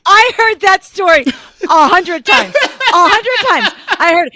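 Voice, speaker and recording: A woman's voice: very high-pitched, lively intonation, slow, noisy background. A woman co-hosting a casual chat show, talking expressively and teasing her co-host playfully. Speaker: podcast co-host.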